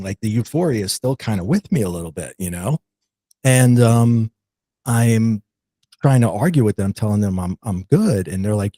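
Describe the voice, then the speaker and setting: Man guest, low mellow voice, earnest storyteller, dry close sound. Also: animated, moderate pace, no room sound. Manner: earnest, reflective, with frequent ums and restarts. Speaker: podcast guest. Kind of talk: personal storytelling in an interview.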